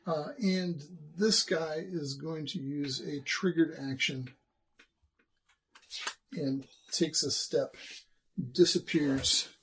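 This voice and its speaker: A man as game master, narrating rules and combat with many pauses and fillers, recorded on a binaural microphone. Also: fairly high pitch, fairly even intonation, fairly bright tone, a little hiss or hum, poor audio. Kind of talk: running a tabletop game.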